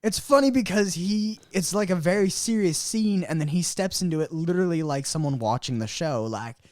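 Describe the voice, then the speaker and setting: A man's voice: high-pitched, fairly quick, no room sound, studio quality. A young man chatting casually on a podcast, retelling scenes with lots of animation. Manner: animated storyteller, acts out scenes in quoted voices. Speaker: podcast co-host. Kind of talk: casual chat.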